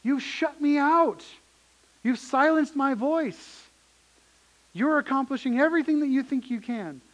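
A man's voice: very high-pitched, lively intonation, a little slow, fairly bright tone, dull audio, voice pushed up, full character voice. A man voicing Jesus as a grown man, pleading with and rebuking a church. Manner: urgent, scolding, pleading.

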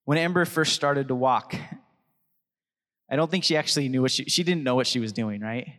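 A man's voice: medium pitch, fairly quick, fairly bright tone, long reverb tail. A young adult man preaching a sermon as pastor, chatty and anecdotal, often laughing between thoughts.

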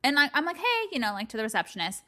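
Lively bright-voiced woman telling a story. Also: a little high, racing. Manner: laughing storyteller, swears freely. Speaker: podcast co-host. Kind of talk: casual chat.

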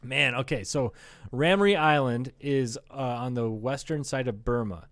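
A man's voice: medium pitch, unhurried, fairly bright tone, no echo, clean studio sound. Laughing, cussing Iowa guy telling stories. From northern Iowa. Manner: profane, laughing, storytelling with acted-out quotes. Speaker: podcast co-host. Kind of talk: casual comedy podcast chat.

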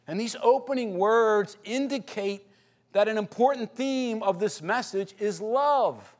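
A man's voice: high-pitched, unhurried. A man preaching a sermon, reading scripture and praying with earnest, rising intensity. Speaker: pastor.

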